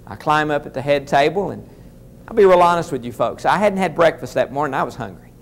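A man's voice: fairly high pitch, animated, fast talker, gravelly. A man telling a humorous story in a keynote speech, talking to his audience in a folksy way. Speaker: motivational speaker.

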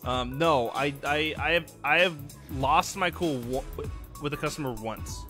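Brief: young male game streamer, high, sharp tone, rambling and profane, faint music behind. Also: unhurried. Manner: rambling, profane, greets chat by name. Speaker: gaming streamer. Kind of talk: casual live-stream chat while gaming.

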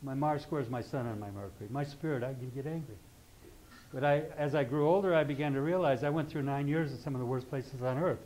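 The audio is poor, but this older man's mid-range, slightly mellow voice comes through at a brisk pace. Teaching astrology, he chats informally, drifts into asides, and keeps checking in with "okay?"

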